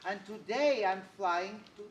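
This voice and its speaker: A woman's voice: medium pitch, measured pace, breathy edge, muffled recording. A woman with a foreign accent, an audience member from Europe, rambling in a flustered way.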